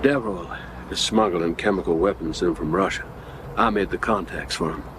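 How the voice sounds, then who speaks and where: Male actor: smug Southern fixer, low voice, dry and unbothered, film-audio ambience. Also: moderate pace, close to an everyday voice. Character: smug male government fixer, middle-aged, wounded. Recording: film soundtrack with ambient noise.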